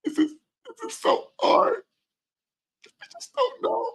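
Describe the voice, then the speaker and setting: A man doing a breathy falsetto woman in fake tears. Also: sing-song, takes it slowly, fairly bright tone, heavily acted. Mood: fake sobbing. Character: tearful woman pleading for sympathy.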